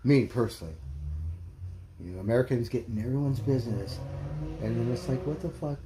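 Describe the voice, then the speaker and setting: Over a noisy background, a livestream host with a medium-pitched voice speaks fairly quickly into a streaming mic. He's ranting in blunt, heated, casual commentary full of profanity.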